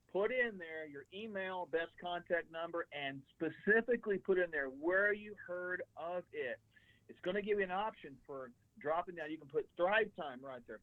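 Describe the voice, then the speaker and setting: A man's voice: a little high, no echo. Emphatic man on a tinny phone line. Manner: emphatic, explanatory, coaching tone. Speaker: radio show guest, lifestyle coach.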